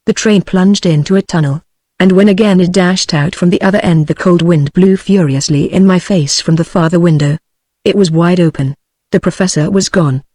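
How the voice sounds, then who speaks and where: A woman's synthetic voice with a British English accent, reading a novel aloud as an audiobook narrator at an even, unhurried pace. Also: fairly low pitch, no echo. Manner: even, unhurried text-to-speech delivery.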